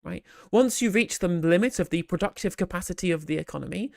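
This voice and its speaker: A live stream host gives casual commentary close to the mic, rambling and animated, restarting often and dropping sarcastic asides. His mid-range voice is creaky and fast, and the recording is dry.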